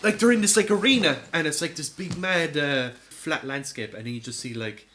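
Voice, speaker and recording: A man co-hosting a podcast in casual chat, spinning an excitable, profane story. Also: fairly high pitch, fairly quick, a little hiss or hum. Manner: animated, excitable storytelling with lots of swearing. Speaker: podcast co-host.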